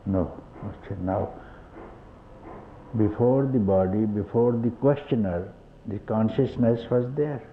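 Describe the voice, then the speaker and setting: Older Indian spiritual teacher, deliberate and low-pitched, chuckling through rhetorical questions; phone-thin archival tape. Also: male voice. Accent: Indian English. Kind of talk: satsang talk. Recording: tinny old tape with faint hiss.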